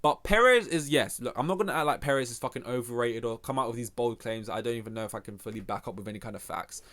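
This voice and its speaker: A young man hosts a podcast in loose, rambling chat and swears at nearly every turn. He talks at an ordinary mid pitch and climbs into loud, animated rants whenever he gets worked up. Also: quick pace. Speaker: podcast host. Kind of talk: casual opinionated sports chat.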